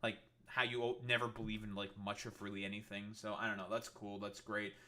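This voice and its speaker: On a political commentary livestream, a man reacts to news clips with sarcastic rants and constant swearing, peppered with fillers like "uh" and "like". His fairly quick voice is on the low side, sharp-toned, with little pitch movement.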